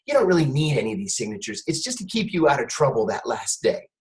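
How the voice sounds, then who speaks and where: A middle-aged man, a guest on a talk show, telling a wry, animated story in conversation. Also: mid-range voice, quick pace, rough recording.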